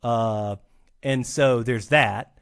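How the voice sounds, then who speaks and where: A man's voice: mid-range voice, extremely slow, clean tone. A man chatting as a podcast guest, rambling and self-deprecating, often restarting his sentences. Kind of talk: casual chat.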